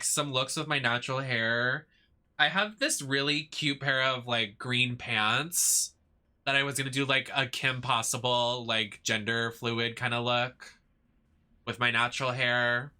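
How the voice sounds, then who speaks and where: A man's voice: medium pitch, steady tone, a little slow, bright, forceful tone. A man who streams games and performs in drag, giving chatty, campy commentary that rambles with lots of fillers. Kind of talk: casual gameplay commentary.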